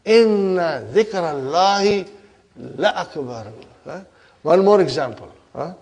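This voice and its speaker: Higher-voiced man teaching arabic grammar, unhurried, native urdu speaker, keeps asking the class if they follow. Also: lively intonation, darkish tone. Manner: interactive, constantly checks in with the class. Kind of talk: classroom lecture.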